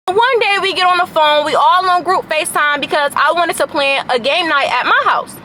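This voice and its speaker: High bright young woman telling a story. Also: normal speed, slight background noise. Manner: animated, slangy, sassy retelling. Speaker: vlogger. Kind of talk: casual storytime.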